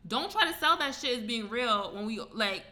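A woman co-hosting a casual podcast, talking in a brash and emphatic way and swearing freely. Her voice is bright and cutting. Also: a little high, animated, normal speed. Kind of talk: casual chat.

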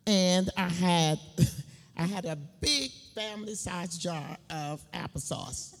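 A middle-aged woman giving a personal testimony in church, telling her story slowly and emphatically, laughing between lines. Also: fairly low pitch, animated, gravelly. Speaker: church speaker. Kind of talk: sermon testimony. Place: church building. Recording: long hall reverb.

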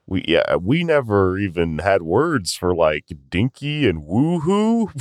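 A man recapping a cartoon on a casual podcast, wandering through the story with fillers and chuckles. His pitch rises and falls in a lively, expressive way. The recording is close and dry. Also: takes it slowly, dry recording. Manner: loose and rambling, with many fillers, chuckling along. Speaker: podcast co-host.

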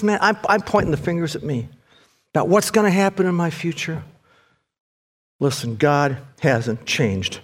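A man preaching a sermon in a casual, fervent way, calling listeners "man" and "guys" and climbing loud and high as he reads scripture aloud.

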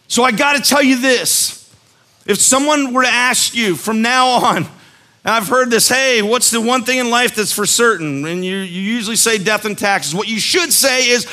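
A man's voice: extremely high pitch, normal speed, pushed and bright. A man preaching a sermon as a pastor, conversational and earnest, telling stories and acting out quotes with emphasis. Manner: conversational, storytelling with acted-out quotes.

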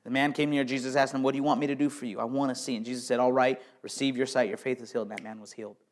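A man preaching a sermon with emphasis, swinging between quiet, intimate lines and loud, raised passages, and often repeating words as he restarts. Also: mid-range voice, steady tone, rapid-fire. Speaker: pastor.

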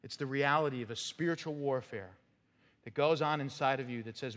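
A man's voice: mid-range voice, a little fast, a bit bright. A man preaching a sermon as pastor, talking in a conversational, storytelling way. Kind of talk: expository sermon. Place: church sanctuary. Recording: long church hall reverb.

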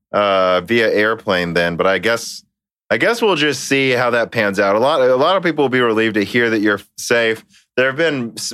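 A man's voice: on the low side, smooth, no echo. A man hosting a podcast, chatting casually and telling jokes. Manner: joking, animated storyteller. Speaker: podcast host. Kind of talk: casual chat.

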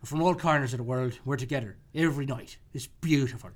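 A cheerful old Irish regular at a bar, voiced by a man telling a joke. He speaks in a wry, low-key way at an ordinary pitch. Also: fast, lightly acted.

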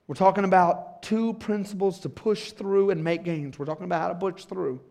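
High gravelly preacher, hushed to shouting. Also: male voice, steady tone, moderate pace. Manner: swings from hushed to shouting, laughs with the congregation. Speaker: pastor. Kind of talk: sermon. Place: church sanctuary.

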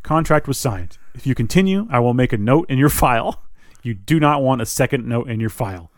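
A man's voice: medium pitch, animated, brisk, dry recording, clean studio sound, close to an everyday voice. Creepy old HR woman, read by a man. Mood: threatening. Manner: clipped, threatening. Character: grumpy old woman HR officer, creepy, predatory.

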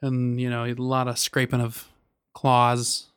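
A man's voice: mid-range voice, monotone, unhurried, fairly bright tone, clear, resonant tone, no echo, clean studio sound. A man co-hosting a casual podcast, joking around with playful puns and poking fun at himself. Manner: jokey, playful wordplay, self-mocking. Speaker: podcast co-host. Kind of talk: casual chat.

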